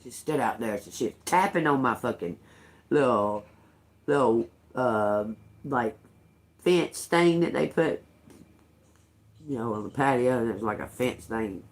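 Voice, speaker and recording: A woman, a tarot reader telling a story on a live stream in a heated, swearing, animated rant. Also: rumbling low, unhurried, long pauses. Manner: profane, heated, animated retelling.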